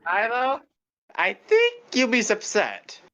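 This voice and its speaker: A man playing in a tabletop game, talking deadpan and bossy. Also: very high-pitched, slow. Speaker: player.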